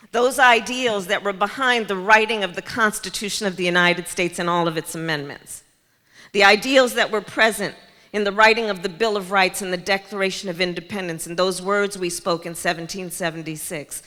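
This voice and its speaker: A woman candidate speaks to a crowd in a large community center hall, her campaign speech rhetorical and repeating key phrases. The voice is medium-pitched, pushed and bright, and the sound is reverberant with a faint crowd.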